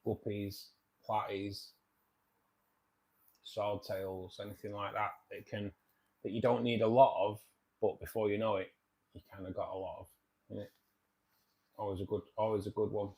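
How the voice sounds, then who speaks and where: A man's voice: lowish voice, steady tone, normal speed, long pauses, a little mellow. A man hosting a casual livestream, reading viewer comments and chatting in a jokey way, often repeating himself.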